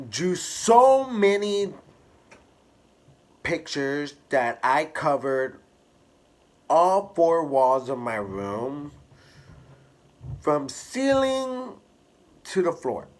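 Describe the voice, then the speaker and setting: A man candidly telling a personal story to camera in an expressive, drawn-out way. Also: a little high. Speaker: hairstylist vlogger.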